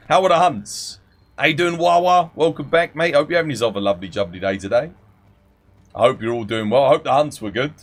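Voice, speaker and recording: A man's voice: medium pitch, a bit bright. A man live-streaming a game, chatting casually, greeting viewers by name and explaining game mechanics. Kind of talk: casual live-stream chat and gameplay tips.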